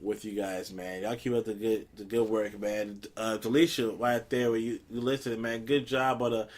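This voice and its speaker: Speaking in a lowish voice at a moderate pace, a man hosting a casual podcast tells a story. His telling is animated and full of loose slang, and he laughs often.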